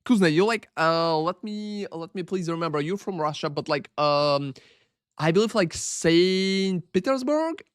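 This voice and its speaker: A man's voice: high-pitched, expressive, unhurried, clear, resonant tone, dry recording, clean studio sound. A man hosting a game live stream, chatting loosely and profanely with viewers, full of fillers and greeting them by name. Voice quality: profane, rambling, filler-heavy. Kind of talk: casual live-stream chat. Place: Paris.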